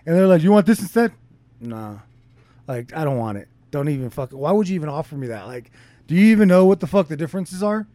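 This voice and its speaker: A man's voice: a little high, fast, dry recording. A man hosting a casual podcast chat, joking and profane as he tells stories. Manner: joking, profane, animated storytelling.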